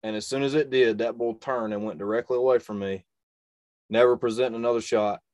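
A young man recounts a story in conversation, earnest and emphatic, leaning on repeated phrases to drive each point home. His voice sits at an ordinary middle pitch. The recording is close and dry, with no room sound. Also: fairly even intonation, a little fast, darkish tone, no echo. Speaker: hunter and video creator, guest. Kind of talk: telling a personal story in a conversation.

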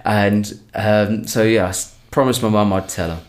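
Guy rambling thru a story on a podcast, lowish voice, lots of likes and restarts. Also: steady tone, moderate pace. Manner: chatty, rambling, many restarts and fillers. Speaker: comedian guest. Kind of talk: casual storytelling in a podcast chat.

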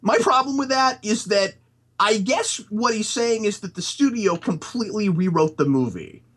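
A man's voice: sits high, expressive, moderate pace, fairly bright tone, husky. A man in a casual podcast chat, giving a rambling critique of a movie with lots of restarts. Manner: rambling, many restarts and fillers.

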